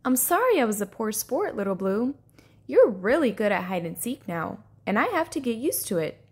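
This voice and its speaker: A woman's voice: on the high side, very animated, moderate pace, husky. A woman voicing a proud young male fish who is a sore loser, sulky and indignant, in a storybook.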